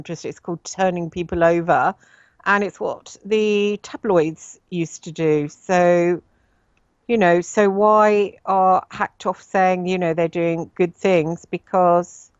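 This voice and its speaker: A woman's voice: fairly low pitch, steady tone, unhurried, clear, resonant tone, dry recording, muffled recording. A woman with an English accent hosting a radio show, chatting casually and with some exasperation, with many fillers.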